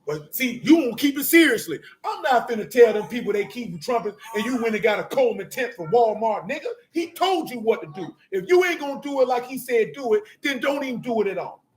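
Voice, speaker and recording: A middle-aged man preaching a fiery sermon in street slang, scolding and sometimes shouting. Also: extremely high pitch, animated, a little fast, few pauses.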